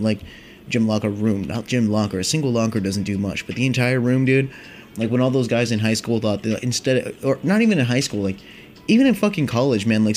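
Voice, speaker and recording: A man in his twenties tells a long, casual story in a lowish voice. He rambles and swears freely, filling his talk with "like" and "dude". A faint hum sits under his voice. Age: 20s. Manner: rambling, profane, filler-heavy with constant "like" and "dude". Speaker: vlogger.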